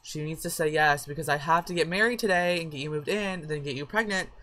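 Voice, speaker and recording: A woman chatting through a life-sim game with a sore throat and a headache, excitable and swearing freely at her characters. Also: sits low, fast talker. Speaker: let's play gamer. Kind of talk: casual gameplay commentary.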